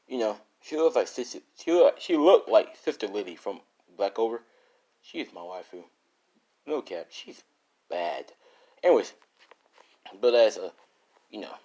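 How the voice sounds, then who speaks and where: A man with a lowish voice telling an improvised fan story in a loose, rambling way. He swears freely and leans on fillers, restarting sentences as he goes. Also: a little mellow. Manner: rambling, crude, many fillers.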